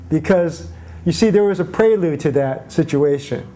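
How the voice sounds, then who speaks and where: Male pastor, storytelling, conversational, encouraging, slightly high voice, mellow tone. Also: animated, moderate pace. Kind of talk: storytelling church message.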